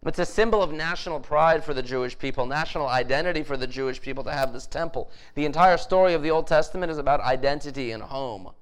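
A man's voice: on the high side, fast talker, few pauses, poor audio. A man preaching a sermon in a conversational way, with frequent restarts and emphatic rises. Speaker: pastor.

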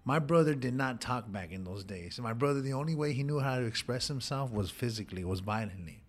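A man's voice: mid-range voice, animated, a little fast. A man telling an emotional personal story in casual street slang, calling his listener dog and homie. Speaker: guest sharing his life story.

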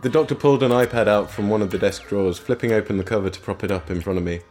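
A young man narrates a first-person tale in a low, understated voice. His delivery is dry and subdued. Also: racing, darkish tone. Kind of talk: scripted narration.

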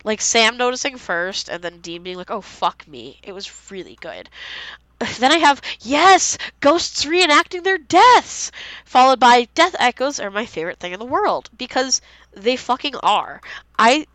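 A young woman co-hosting a casual fan podcast, excitedly reading out favorite quotes and swearing freely. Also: on the high side, moderate pace, no echo, low-quality recording. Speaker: podcast co-host.

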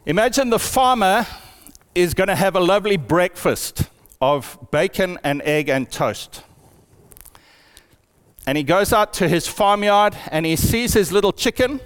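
A man preaching a sermon in a church hall, with animated storytelling. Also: sits high, measured pace, clear, resonant tone. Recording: long hall reverb.

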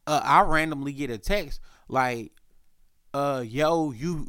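A young man hosting a podcast, telling a casual story with lots of slang, filler words and throat clearing, and his voice jumps up when he quotes himself. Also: on the high side, a little slow, fairly bright tone, dry recording, clean studio sound. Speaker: podcast host.

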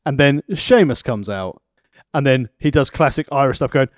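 A man co-hosting a podcast, recapping events in a dry, deadpan casual chat. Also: mid-range voice, normal speed, dry recording. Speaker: podcast co-host.

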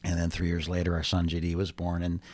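A man in his fifties, a pastor, telling lively family stories with jokes in a casual interview. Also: deep voice, fast talker, dry recording. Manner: animated storyteller, jokes.

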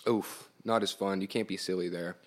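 A man's voice: sits low, fairly even intonation, normal speed. Laid-back, giggly man telling stories. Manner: laid-back, laughing, rambling storyteller. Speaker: podcast guest, musician. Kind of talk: casual chat.

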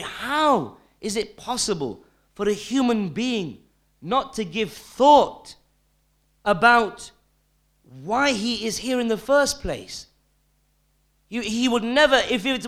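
A male preacher giving a sermon, emphatic and full of rhetorical questions, dropping to hushed tones and rising again. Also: high-pitched. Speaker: Islamic preacher.

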